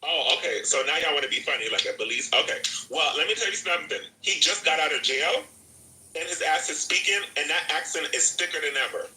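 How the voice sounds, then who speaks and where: A man's voice: a little high, expressive, fairly quick, pushed and bright, reverberant, rough recording. A man hosting a live audio chat room, ranting in a profane, repetitive way. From Jamaica. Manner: profane, repetitive, talks over himself. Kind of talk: animated rant.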